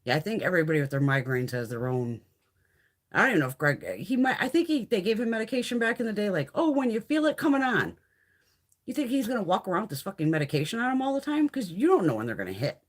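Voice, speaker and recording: Animated, foul-mouthed woman chatting live. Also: lowish voice, very fast. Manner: swears constantly, chatty and animated, acts out quoted exchanges. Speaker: beauty vlogger chatting with live viewers. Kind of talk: casual live-stream chat.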